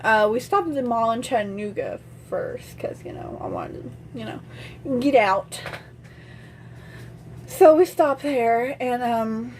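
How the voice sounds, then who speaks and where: A woman's voice: fairly high pitch, sing-song, slow, long pauses, a little mellow, slight background noise. A young adult woman vlogger casually telling a personal story, chatty and full of "and I'm like" retellings.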